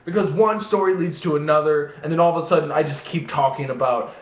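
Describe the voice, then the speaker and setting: A man's voice: fairly high pitch, fast, hardly any pauses. A man telling rambling, profane stories to the camera, often laughing at his own tales. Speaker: vlogger. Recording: echoey room, dull lo-fi sound.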